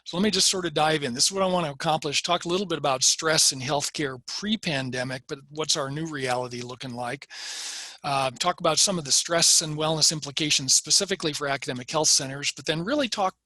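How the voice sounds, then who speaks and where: A man's voice: on the high side, a little fast, sharp tone, no echo. A man from Nebraska giving a friendly webinar presentation over a video call, self-deprecating and guiding listeners through a breathing exercise. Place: home or office on a video call.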